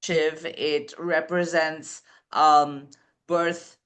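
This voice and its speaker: A woman co-hosting a spiritual podcast conversation, talking in a deliberate way and pausing often with fillers. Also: low voice, level tone, fairly bright tone. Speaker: podcast co-host.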